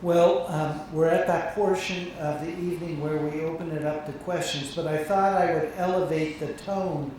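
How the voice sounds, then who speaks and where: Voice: medium pitch, steady tone, moderate pace, few pauses, a little mellow. A moderator hosting a public talk in a lecture hall, opening the questions in a teasing, joking way. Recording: echoey room, mic far off, faint ambient noise.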